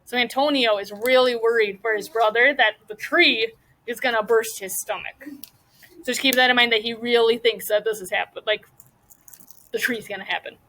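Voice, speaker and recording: A woman's voice: fairly high pitch, fairly even intonation, sharp tone, low-quality recording. A woman teacher reading a novel aloud to her class and stopping to ask the students questions. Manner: pauses to question students about the story.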